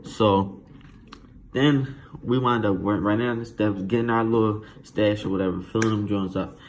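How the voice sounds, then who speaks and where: A man spins a childhood story in a casual, slangy, animated flow. His voice sits somewhat low, and faint noise hangs in the background. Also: normal speed.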